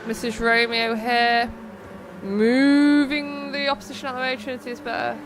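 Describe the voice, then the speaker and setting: Her voice is on the high side, steady in pitch and at a normal speed, with background noise behind it. As streamer and race host for a racing game, the young woman chats and rambles, going off on tangents and reading out the chat.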